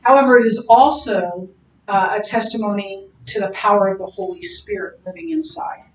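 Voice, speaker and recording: A woman's voice: medium pitch, expressive, moderate pace, far from the mic. Woman teaching a Bible class, echoey room. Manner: conversational, with many fillers and restarts. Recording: roomy, from off-mic, faint background hum.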